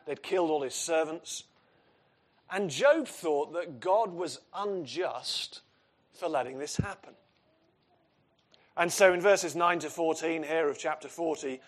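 A man preaching an expository sermon, earnest and emphatic, asking his listeners questions. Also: on the high side.

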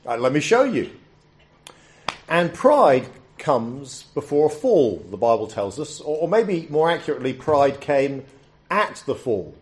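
A man in his fifties preaching a sermon. He reads scripture solemnly, prays quietly, then talks in a conversational way with restarts and fillers. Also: fairly high pitch, big pitch swings, a little slow. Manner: solemn scripture reading, hushed prayer.

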